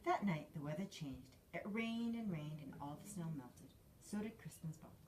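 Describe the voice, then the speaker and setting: Lively woman reading a storybook aloud. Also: low-pitched, moderate pace, slight background noise. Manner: lively, acts out each character. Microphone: filmed on a handheld camera.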